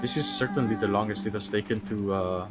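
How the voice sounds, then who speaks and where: A man casually commenting on a video game as he streams it, thinking aloud and sometimes yelping with excitement. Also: on the low side, brisk. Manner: chatty, thinks aloud, bursts into excited yelps. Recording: game music playing behind.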